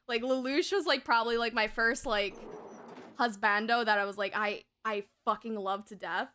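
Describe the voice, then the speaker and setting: A woman's voice: on the high side, steady tone, moderate pace, pushed and bright. A young woman streamer telling a story in casual, rambling chat, full of fillers, laughter and swearing, at a home desk mic.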